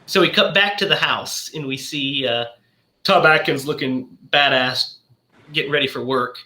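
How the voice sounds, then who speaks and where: A man's voice: fairly high pitch, normal speed, bright, forceful tone, roomy sound. A man hosting a podcast, casually recapping a film in a rambling way and acting out lines with laughs. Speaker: podcast host.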